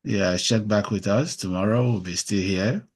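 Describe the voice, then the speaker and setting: A man's voice: lowish voice, normal speed, breathy edge. A man hosting an interview over a video call, effusively thankful and repeating himself. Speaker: host.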